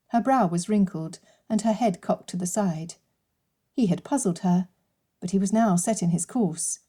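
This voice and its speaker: A woman narrating an unabridged audiobook in a measured, even storytelling manner. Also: medium pitch. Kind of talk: scripted narration.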